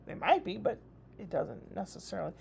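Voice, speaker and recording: A woman's voice: medium pitch, very animated, brisk, gravelly, a little mellow, a little hiss or hum. An older woman, a grandmother, chatting in a rambling, casual video diary. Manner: chatty, rambling, frequent laughs. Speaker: vlogger. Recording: dull lo-fi recording.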